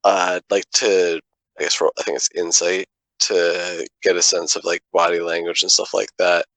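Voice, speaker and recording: A man taking part in a tabletop game, half in character, pausing and restarting as he hunts for words. His voice sits low with a gravelly fry, recorded close and dry. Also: little pitch movement, fairly bright tone, dry recording, rough recording. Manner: halting, many fillers and restarts. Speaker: player. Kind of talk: tabletop role-play, speaking in character.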